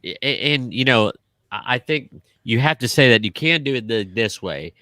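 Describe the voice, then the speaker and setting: A podcast co-host chats casually in a mid-range voice at a normal speed, recorded cleanly in a studio with no room sound. He tells animated stories and laughs often.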